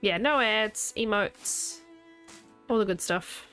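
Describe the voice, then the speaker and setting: A woman's voice: medium pitch, slow pace, a bit bright, soft background music. A woman game streamer chatting casually with her viewers as she plays, playful and laughing often. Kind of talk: casual chat while playing a video game.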